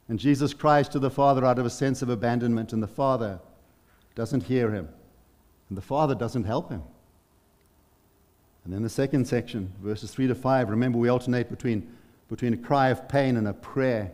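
A middle-aged man preaching a sermon as a pastor, calling his listeners friends and swinging from loud exclamations to hushed, near-whispered lines. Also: mid-range voice, normal speed, in a large hall. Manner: addresses the congregation as friends. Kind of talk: expository sermon.

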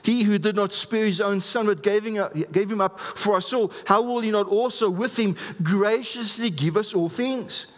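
A man's voice: high voice, moderate pace, hardly any pauses, big-room sound. A man preaching a sermon as a pastor, earnest and emphatic, often restarting his words.

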